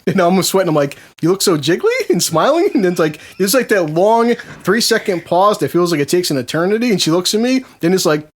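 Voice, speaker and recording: Podcast co-host, male, mid pitch, swoops up and down while spinning a bawdy story, laughs a lot. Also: fast, few pauses. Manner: animated, laughing, swearing, acts out quotes. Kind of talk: casual storytelling chat.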